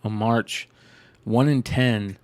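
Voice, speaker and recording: A man's voice: mid-range voice, fairly even intonation, slow pace, a little mellow, dry recording. A man co-hosting a comic book live stream, joking and laughing with friends in casual chat.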